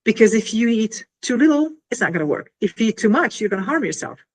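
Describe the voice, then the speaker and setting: A woman in an interview explaining her invention in an animated, casual way, full of fillers and little acted-out scenes. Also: fairly high pitch, quick pace, breathy edge.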